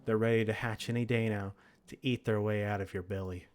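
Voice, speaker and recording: A man's voice: on the low side, steady tone, brisk, a little hiss or hum. A man reading a text horror game aloud, with dramatic narration broken by laughs and reactions. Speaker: game streamer.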